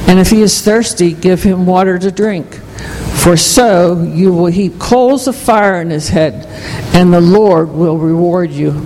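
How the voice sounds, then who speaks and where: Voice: mid-range voice, measured pace. Scripture reader in a reverberant hall. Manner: steady reading aloud. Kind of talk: scripture reading. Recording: reverberant hall with background noise.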